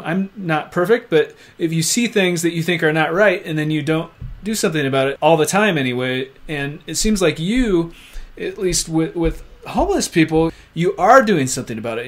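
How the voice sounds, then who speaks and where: A man hosting an interview, asking thoughtful, rambling questions. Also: on the high side. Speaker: interview host. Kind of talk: conversational interview.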